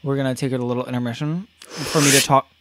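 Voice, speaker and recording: A man co-hosting a cartoon review chat, playful and quick to jump in. His voice sits at an ordinary middle pitch. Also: fairly even intonation, fairly bright tone, dry recording. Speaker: podcast co-host.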